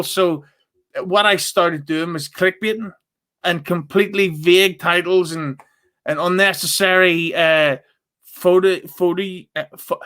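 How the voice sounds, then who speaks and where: A man, talking as a guest on a podcast. His voice is high for a man, and bright with an edge of tension. He swears often and makes fun of himself in a relaxed, chatty way. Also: unhurried, smooth. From Northern Ireland. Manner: swears freely, self-mocking humor. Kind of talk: casual chat.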